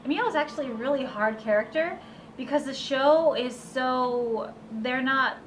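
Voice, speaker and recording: Bubbly young-sounding voice actress, noisy hall. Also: female voice, sits high, normal speed. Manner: bubbly, chatty, laughs easily. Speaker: voice actress guest. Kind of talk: casual convention interview chat.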